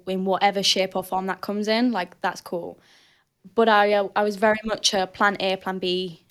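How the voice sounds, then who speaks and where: A woman's voice: fairly low pitch, gravelly. A woman in her twenties from Hull with a thick Northern English accent, telling stories as a guest in a casual chat, with lots of fillers. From Hull, England, raised in southern Spain. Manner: chatty, animated storyteller with frequent fillers. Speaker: guest athlete.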